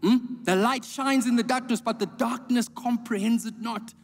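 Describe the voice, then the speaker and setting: A man preaching a sermon as pastor. He speaks emphatically, repeats words, and swings between hushed lines and urgent preaching. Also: very high voice, fairly even intonation, normal speed, soft background music. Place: church auditorium. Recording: long reverb of a large hall.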